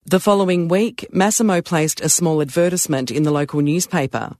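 A man narrating a story in a calm, measured way. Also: a little high, dry recording, studio quality.

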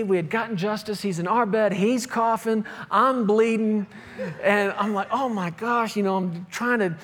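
A man's voice: high-pitched, a bit bright, in a large hall. A male pastor preaching a sermon, telling a personal story with laughter, then reading and explaining scripture.

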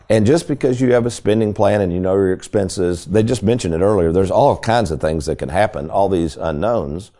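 A man's voice: fairly low pitch, warm tone. A man hosting a financial talk radio show, speaking in a folksy, emphatic way and often addressing listeners directly as folks.

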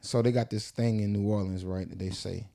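A man co-hosting a podcast in casual chat, telling animated, slangy stories. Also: lowish voice, brisk, gravelly. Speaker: podcast co-host.

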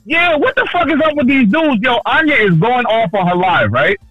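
A man co-hosting a casual podcast chat, telling stories loudly with lots of swearing and acted-out quotes. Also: very high voice, moderate pace, no room sound, lo-fi sound, faint music behind. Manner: animated storyteller, loud and swearing, acts out quotes. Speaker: podcast co-host.

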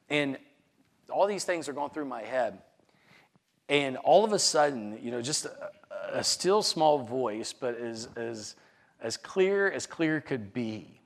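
A man's voice: medium pitch, animated, unhurried. A man, likely a pastor, earnestly retelling a personal testimony, often repeating words and restarting sentences. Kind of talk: personal testimony told to a congregation.

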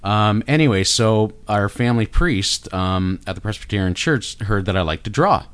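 A man's voice: lowish voice, expressive, normal speed, smooth, no room sound. A middle-aged Canadian man with a Canadian accent, chatting as an interview guest, rambling and enthusiastic with many fillers and restarts. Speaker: guest artist. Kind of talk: casual interview chat.

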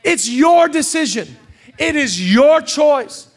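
A man in his thirties preaching a sermon as pastor, swinging from hushed confession to shouted exhortation. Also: extremely high pitch, animated, slow pace. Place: church stage.

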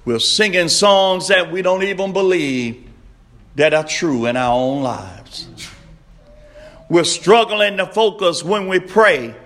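A man preaching a sermon, slow and emphatic, repeating his refrains and rising to shouts. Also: high voice.

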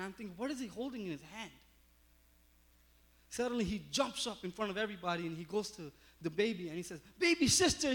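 High-voiced man preaching a lively sermon. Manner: animated storytelling with many fillers. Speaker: pastor.

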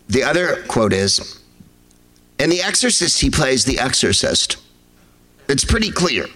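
Male comedian, digressive anecdotes, lively sing-song pitch, wry tone. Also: rough recording. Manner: wry, digressive, quick impressions of others. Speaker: comedian telling stories. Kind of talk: rambling storytelling to a live audience.

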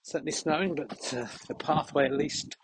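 A man hosting a podcast while walking outdoors in a field, rambling in a mock-serious, deadpan way. He is a little out of breath and slightly unwell. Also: on the high side, moderate pace, background noise. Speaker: podcast host. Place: outdoors in a field on a cold windy day.

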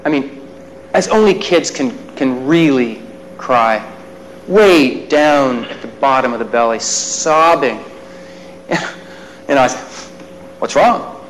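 A man's voice: mid-range voice, lively intonation, slow pace, long pauses, a little hiss or hum, poor audio. A male psychologist telling a personal story in a workshop lecture, with self-deprecating, chuckling asides. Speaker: psychologist giving a workshop talk.

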